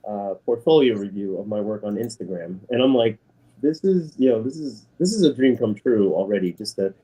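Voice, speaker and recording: Animated man telling a story. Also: brisk, lo-fi sound. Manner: animated storyteller, acts out quotes in a higher voice. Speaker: guest artist. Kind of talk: casual interview storytelling.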